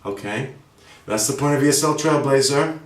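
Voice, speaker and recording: Young adult male language teacher, chatty, keeps checking in with the viewer, mid pitch, recorded off-mic in an echoey room. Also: moderate pace. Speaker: English teacher. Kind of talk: casual spoken lesson. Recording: roomy sound, mic at a distance.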